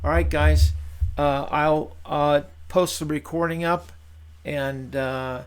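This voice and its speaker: A man's voice: on the high side, level tone, takes it slowly, smooth. A man leading a training session on a video call, chatty and encouraging, with plenty of fillers. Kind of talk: casual coaching on a video call.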